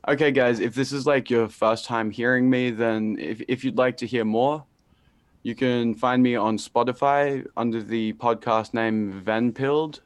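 A man's voice: mid-range voice, fairly even intonation, unhurried. Joking man stumbling over his words. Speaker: podcast guest. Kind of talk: casual podcast chat.

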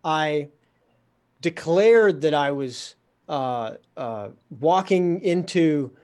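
A man telling a story in casual talk, lively, sardonic and poking fun at himself. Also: fairly high pitch, drawn-out words, smooth. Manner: lively, sardonic, self-mocking.

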